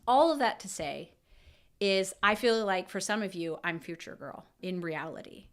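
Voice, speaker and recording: A woman in her thirties tells a personal story as a podcast co-host. Her voice sits at an ordinary pitch, and she talks in a lively, emotional way, acting out her own thoughts as she goes. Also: normal speed. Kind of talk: casual chat.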